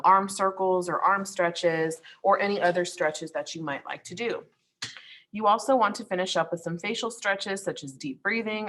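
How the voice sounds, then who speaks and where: A woman teacher with a somewhat low voice talks students through an assignment over a screen share. She explains in a friendly, casual way, with plenty of ums and likes along the way. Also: a bit bright. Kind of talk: recorded online lesson walkthrough.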